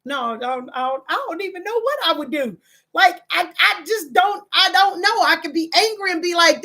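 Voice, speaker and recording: A high-pitched woman talks straight to her viewers in a casual commentary show. She argues with passion and emphasis, and her pitch climbs whenever she gets worked up. Her voice sits well above that of most women. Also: animated, moderate pace, sharp tone. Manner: passionate, emphatic, rising in pitch when outraged. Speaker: online talk show host.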